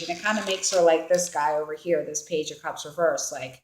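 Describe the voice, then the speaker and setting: A woman reads tarot cards in a casual, meandering way, full of "you know" and "like" as she voices what the people in the cards might be thinking. Her voice sits a little low for a woman. The sound is roomy, with a clear echo around her. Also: animated, fairly quick, hardly any pauses. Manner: rambling, filler-heavy, acts out quoted thoughts. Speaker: tarot card reader. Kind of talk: casual tarot reading to camera.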